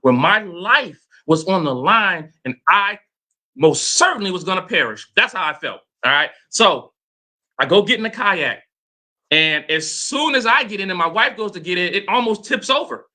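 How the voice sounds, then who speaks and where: A man's voice: sits high, very animated, normal speed, bright, forceful tone. A middle-aged man, a motivational coach, telling a personal story with dramatic flair and speaking straight to his audience. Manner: dramatic, addresses the audience directly.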